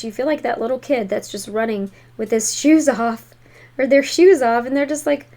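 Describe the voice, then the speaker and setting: A woman's voice: a little high, moderate pace, mellow. A woman giving a tarot reading to viewers in an emphatic, encouraging way. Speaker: tarot reader.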